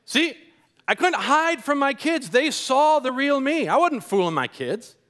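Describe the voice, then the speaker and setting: A man's voice: extremely high pitch, big pitch swings, normal speed, fairly bright tone. A middle-aged male pastor preaching a sermon, telling personal stories and acting out the dialogue. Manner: storytelling, acts out dialogue.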